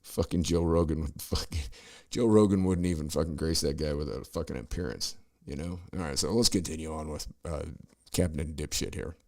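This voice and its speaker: A man's voice: a bass voice, a little fast, gravelly, few pauses, darkish tone, no room sound. A middle-aged man hosting a podcast, ranting and swearing sarcastically while reacting to news clips. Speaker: podcast host. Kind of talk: profane political commentary over news clips.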